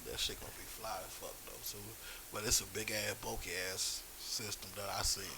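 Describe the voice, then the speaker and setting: A young man in casual podcast chat, animated and joking, swearing freely. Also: fairly low pitch, fairly quick, creaky, a little hiss or hum. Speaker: podcast co-host.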